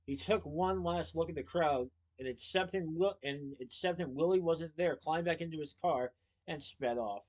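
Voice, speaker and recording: A man reading a children's novel aloud, lively, with small slips and playful asides. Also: on the high side, normal speed. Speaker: storyteller.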